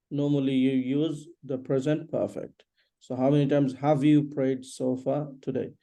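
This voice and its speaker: A man teaching an English lesson one on one, patiently repeating questions and explaining slowly. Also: medium pitch, mellow.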